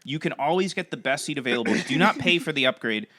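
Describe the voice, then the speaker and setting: A man's voice: a little high, lively intonation, quick pace, pushed and bright, no room sound. A man holding forth in a casual comedic podcast chat, joking and ranting in a boastful, rambling way.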